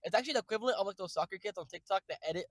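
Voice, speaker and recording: A young man streaming, rambling through jokey, profane tangents with sudden loud outbursts. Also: high voice, racing, rough recording. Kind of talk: casual rambling stream chat.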